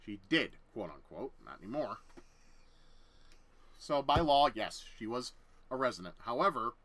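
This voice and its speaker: A man's voice: medium pitch, very animated, moderate pace, a bit bright. A young man telling a personal story on his vlog, swearing heavily and talking bluntly. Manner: heavy swearing, heated and blunt. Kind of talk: casual storytelling rant.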